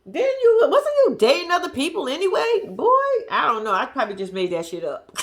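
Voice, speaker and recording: A woman reaction vlogger gives casual, slangy commentary on a reality show, speaking animatedly and laughing often. Her high voice swings widely in pitch at a brisk pace, with slight background noise.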